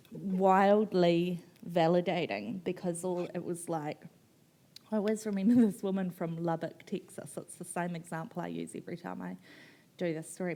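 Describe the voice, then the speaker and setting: A low-voiced woman tells her own story on stage to a live audience. She is frank and lively, laughs often, swears without apology and slips into the voices of the people she quotes. She sounds like a writer in her thirties talking straight from experience. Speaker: author guest at a book festival. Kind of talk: on-stage conversation, personal storytelling.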